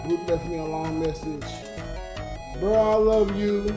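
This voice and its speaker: A man's voice: sits high, measured pace, music in the background. Drunk, tearful man ranting on a livestream. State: crying. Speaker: livestreamer and YouTube comedian. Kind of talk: emotional livestream talk to chat.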